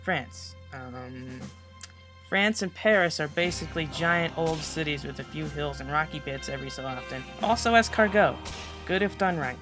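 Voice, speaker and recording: A man's voice: fairly high pitch, lively intonation, moderate pace, over music. A teenage boy narrating a school presentation as a comedic voice-over, full of sarcastic, mocking asides. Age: teens. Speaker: student presenter.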